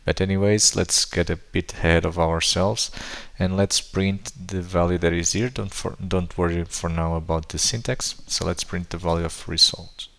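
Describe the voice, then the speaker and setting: Low gravelly man explaining code. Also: steady tone, moderate pace, hardly any pauses, fairly bright tone. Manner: thinks aloud with frequent fillers and restarts. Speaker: programming tutor. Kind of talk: screen-recorded coding tutorial.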